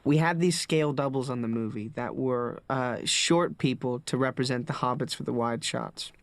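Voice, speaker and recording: A man's voice: mid-range voice, moderate pace. A man actor in a documentary interview, talking enthusiastically about his co-workers.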